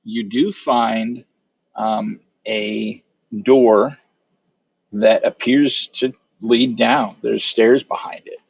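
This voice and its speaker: Brief: male game master, slow and halting, describing scenes, dull dry lo-fi recording. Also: medium pitch, fairly even intonation, creaky, slightly rough, dry recording. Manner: hesitant, many fillers and restarts. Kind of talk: narrating a tabletop game.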